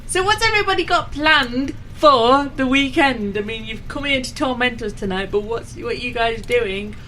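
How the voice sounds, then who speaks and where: A woman's voice: fairly high pitch, expressive, normal speed, pushed and bright, a little hiss or hum. A woman with a British accent co-hosting a casual radio show with her husband, teasing him and laughing easily.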